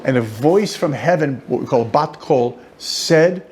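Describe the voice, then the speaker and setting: A man teaching an informal class as a rabbi, an animated storyteller who jokes and goes off on asides. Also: mid-range voice, measured pace. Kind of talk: informal lecture. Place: study hall.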